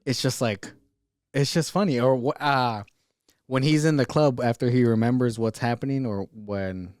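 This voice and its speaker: A man co-hosting a laid-back podcast, talking in an animated way as he retells scenes and acts out lines, with laughter breaking in. His voice sits at a middle pitch. The sound is dry and close. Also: moderate pace, no echo. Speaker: podcast co-host. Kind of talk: casual chat.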